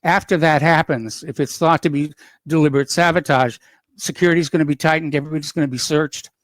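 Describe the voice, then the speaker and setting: A man hosting a call-in radio show, reading news items and adding opinionated asides in an unhurried, conversational way. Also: fairly high pitch, steady tone, no echo. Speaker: radio talk show host.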